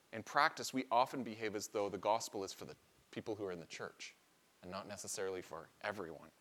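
Earnest male preacher explaining scripture. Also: fairly low pitch. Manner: earnest, explanatory, with emphatic rises on key phrases. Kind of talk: sermon.

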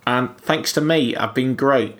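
Male podcast co-host, mid voice, deadpan, hesitant delivery. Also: mid-range voice, measured pace. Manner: deadpan, hesitant with many ums. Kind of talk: casual podcast chat.

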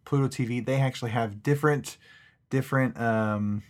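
A man's voice: medium pitch, steady tone, moderate pace. Male podcast co-host: loose, rambling, laughs easily. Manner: rambling, laughs often, trails off. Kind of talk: casual chat.

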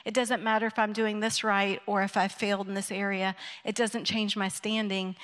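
Woman, 30s, heartfelt church testimony, soft-spoken, many ums, mid pitch, echoey hall with long reverb. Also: level tone, normal speed, few pauses. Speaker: church group member sharing a testimony. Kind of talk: personal faith testimony.

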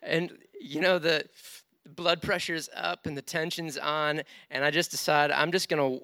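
A male pastor preaching with a bright, ringing voice and a smooth, clear tone. He tells his story with animated, self-deprecating humor, his voice close and dry. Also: on the high side, unhurried, no room sound. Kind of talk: sermon with storytelling.

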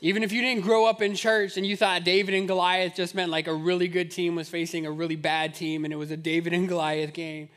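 A male pastor delivers a sermon, joking in a chatty way before building to fervent, repeated appeals. His voice is very high for a man, with a bright and forceful tone. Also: level tone, a little fast, hardly any pauses, in a large hall. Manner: conversational, humorous, building to fervent repetition.

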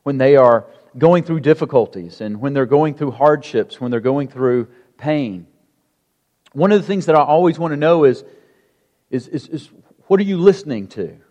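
A pastor preaching a sermon in a conversational way, asking the congregation rhetorical questions. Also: male voice, mid-range voice, animated, normal speed, mellow, highs cut off. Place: church sanctuary. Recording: long church hall reverb.

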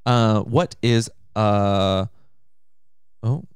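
A man's voice: on the low side, extremely slow, clean tone, no echo. A man co-hosting a podcast in casual chat, playful and teasing. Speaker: podcast co-host.

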